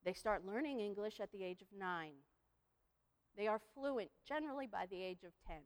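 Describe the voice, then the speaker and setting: A woman's voice: mid-range voice, animated, normal speed. A woman giving a playful talk to an audience, leading them in repeating phrases. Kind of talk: lively presentation with audience participation. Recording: long hall reverb.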